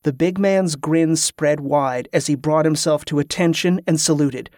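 A man reading a novel aloud as narrator, in an even, measured way. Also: a little high, dry recording, studio quality. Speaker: audiobook narrator. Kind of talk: scripted narration.

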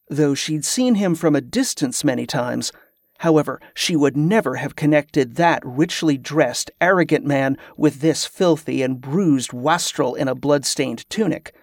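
A man narrating a fantasy audiobook with a somewhat high voice, reading in a steady, even way. The sound is dry and close, with no room at all. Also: no room sound. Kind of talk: scripted narration.

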